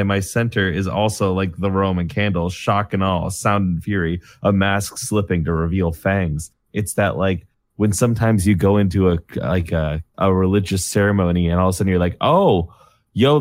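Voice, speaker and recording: A man's voice: deep voice, fairly even intonation, normal speed, no echo. A man chatting casually on a voice call as a tabletop game player, eagerly talking through his character. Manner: enthusiastic, talks through his character aloud. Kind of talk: casual chat over voice call.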